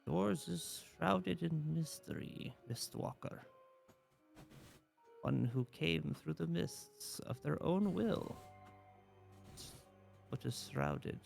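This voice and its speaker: A man's voice: on the high side, slow pace, creaky, pauses often, darkish tone, soft background music, voice pushed up, exaggerated voice. Man doing a creepy crackly old seer woman. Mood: cryptic. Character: cryptic old female fortune-teller seer. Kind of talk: tabletop role-play voice.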